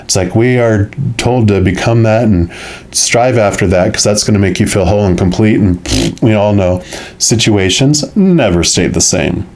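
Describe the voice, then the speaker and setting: A low-pitched man talks through a weekly tarot reading for his viewers. His delivery is soft and musing, full of loose phrases that circle back on themselves. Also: moderate pace. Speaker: tarot reader.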